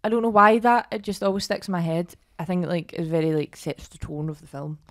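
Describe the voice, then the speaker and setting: Young woman on a podcast, kinda low voice, keeps trailing off unsure. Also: a little fast. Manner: hesitant, trails off with "I don't know". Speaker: podcast co-host. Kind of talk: casual chat.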